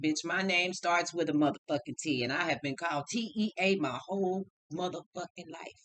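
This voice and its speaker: A woman's voice: fairly low pitch, a little fast, hardly any pauses, fairly bright tone, poor audio. Blunt, profane woman tarot reader. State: upset and tearful. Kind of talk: casual spoken tarot reading.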